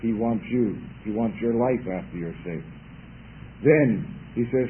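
A man preaching a sermon, talking emphatically and building up to loud exhortation. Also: lowish voice, measured pace. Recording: tinny lo-fi radio broadcast.

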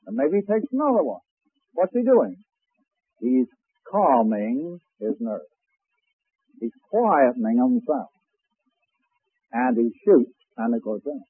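A man teaching a class on preaching, talking slowly and deliberately and demonstrating breathing as he explains. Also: medium pitch, sing-song, slightly rough, no room sound. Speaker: preaching instructor. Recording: tinny, phone-like old recording.

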